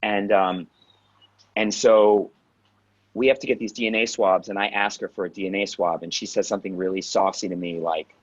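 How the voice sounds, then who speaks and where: A man with a New York accent, a guest actor telling stories in a direct, animated, casual interview way. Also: sits low, normal speed. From Queens, New York. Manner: direct, animated storyteller who swears. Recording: dull lo-fi sound.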